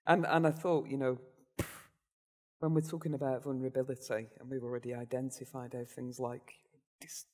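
A man's voice: mid-range voice, flat delivery, moderate pace, a little mellow. A man hosting a book podcast who talks in an enthusiastic, rambling way. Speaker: podcast host. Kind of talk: casual book discussion. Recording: echoey reverb.

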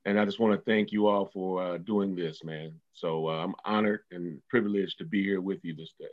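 A man's voice: sits low, steady tone, a little fast, muffled recording. A man speaking earnestly as a podcast guest, repeating words and using many fillers. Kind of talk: conversational interview.

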